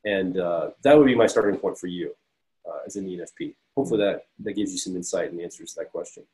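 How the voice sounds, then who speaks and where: A man's voice: deep voice, quick pace, a little mellow, low-quality recording. A man who coaches on personality types, talking casually and earnestly, explaining his points through his own examples. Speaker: personality coach and podcast co-host. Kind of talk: casual advice talk to camera.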